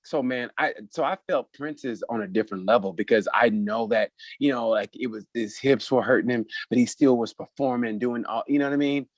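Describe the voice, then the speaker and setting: A man's voice: mid-range voice, a little fast, hardly any pauses, no echo. A man from Oklahoma co-hosting a podcast, telling stories in casual, profane chat. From Oklahoma, USA. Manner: profane, animated storytelling. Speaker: podcast co-host.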